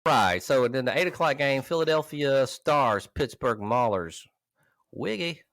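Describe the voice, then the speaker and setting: Bright-voiced, lively male podcast host. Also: medium pitch, measured pace, no echo, studio quality. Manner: loose, profane, laughing banter. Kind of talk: casual comedic podcast chat.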